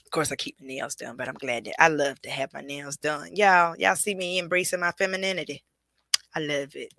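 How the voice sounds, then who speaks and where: A woman hosting her podcast solo, speaking straight to her audience. Her delivery is emphatic and a bit preachy. Her voice is bright and forceful, and it sounds dry with no room echo. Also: low voice, steady tone, a little fast, gravelly. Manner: emphatic, preachy, addresses listeners directly. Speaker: podcast host.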